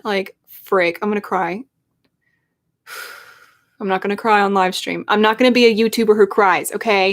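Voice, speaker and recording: A young adult woman who is a YouTuber, chatting casually and emotionally on a live stream in a rambling way. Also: medium pitch. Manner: emotional, rambling fan talk.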